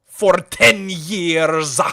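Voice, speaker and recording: Davy Jones, a man doing a slow Scottish-tinged growl. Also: high voice, creaky, bright, forceful tone, slight background noise, full character voice. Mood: brooding menace. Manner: slow, heavy, dramatic drawl. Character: menacing cursed male sea captain, grim and brooding. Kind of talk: impression during a livestream.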